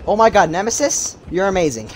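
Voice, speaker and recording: A young man commenting on his gameplay with loud, panicky, swearing outbursts. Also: high-pitched, very animated, fairly quick, background noise. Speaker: gamer streamer.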